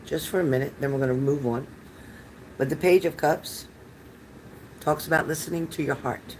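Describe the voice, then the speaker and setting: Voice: mid-range voice, moderate pace, slight background noise, rough recording. An older tarot reader giving live readings to chat viewers in a chatty, rambling, reassuring manner.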